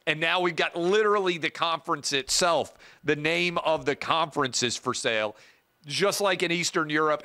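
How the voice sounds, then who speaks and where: Man, middle-aged host, bright forceful voice, dry close sound, casual opinion monologue. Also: a little high, normal speed, clear, resonant tone, no echo. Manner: casual, opinionated, talks off the cuff. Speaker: show host.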